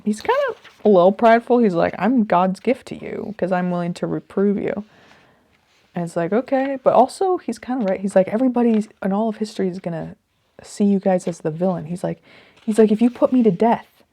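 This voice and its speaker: Woman chatting casually, kinda unsure of herself, low raspy-fry voice, dead dry sound. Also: mellow, dry recording. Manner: rambling, thinking aloud, unsure. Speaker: host reflecting on a reading. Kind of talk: casual spoken commentary.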